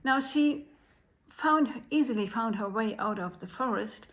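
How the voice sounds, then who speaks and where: A woman telling a folk tale in an unhurried way, pausing often. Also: fairly high pitch, a bit bright, low-quality recording. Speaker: storyteller.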